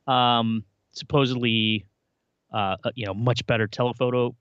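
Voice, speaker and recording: A man co-hosting a casual podcast, easygoing and a little rambling, padding his points with fillers. His voice is mid-pitched. The recording is dry and slightly muffled. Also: fairly even intonation, normal speed, a bit bright, clear, resonant tone, dry recording. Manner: easygoing, reads out rumor roundups with many fillers. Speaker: podcast co-host. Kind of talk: casual chat.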